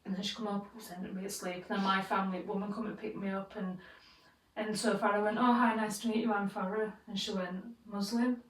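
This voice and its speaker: A woman co-hosting a podcast, telling a story in a casual, animated way and swearing freely. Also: mid-range voice, fast, distant mic. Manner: animated, swears freely, acts out quoted voices. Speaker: podcast co-host. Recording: roomy sound, away from the mic.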